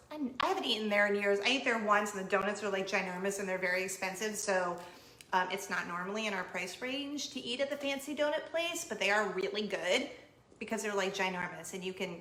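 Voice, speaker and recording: Bright, expressive woman in an echoey room. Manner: emotional and expressive, high excited quoting. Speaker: vlogger, show host. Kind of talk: casual storytelling to camera.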